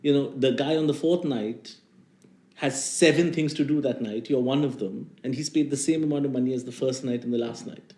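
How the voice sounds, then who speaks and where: A comedian from India with a posh Indian English accent, chatting loosely in an interview, rambling and making fun of himself. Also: male voice, medium pitch, a little fast, mellow, roomy sound. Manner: rambling, self-mocking, lots of fillers. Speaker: comedian guest. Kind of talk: casual interview chat.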